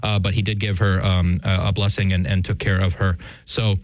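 A man's voice: low-pitched, flat delivery, moderate pace, no echo, low-quality recording. Chuckling male co-host, casual news commentary, dry close recording, lots of fillers. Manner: chuckling often, many fillers and restarts. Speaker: podcast co-host.

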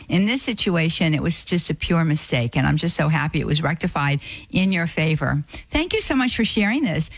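A woman's voice: on the low side, dry recording, low-quality recording. Effusive woman radio host, dry sound. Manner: effusive, often calls things beautiful. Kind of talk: call-in radio talk.

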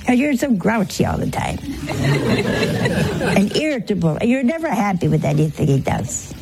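A woman's voice: mid-range voice, very animated, noisy background. A woman preaching a sermon, telling everyday stories and acting out the dialogue. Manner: slow, storytelling, with quoted dialogue and laughter. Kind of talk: sermon with anecdotes.

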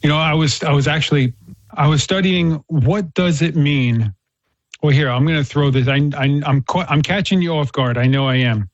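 A man's voice: fairly high pitch, moderate pace, dry recording. A Catholic man in casual conversation, earnestly explaining faith through a story, in a dull, muffled recording.

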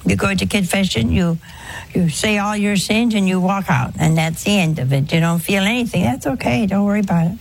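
A woman's voice: medium pitch, fairly quick, vocal fry, slight background noise. An older woman giving a conversational religious talk to an audience, asking rhetorical questions in a homely preaching manner. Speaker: religious speaker.

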